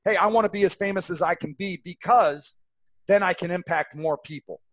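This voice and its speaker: A man co-hosting a podcast with a fairly high voice, talking eagerly and circling back over his own sentences. The sound is dry and close, with no room in it. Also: a little fast, a bit bright, dry recording. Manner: enthusiastic, rambling with many restarts. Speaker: podcast co-host. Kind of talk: casual podcast conversation.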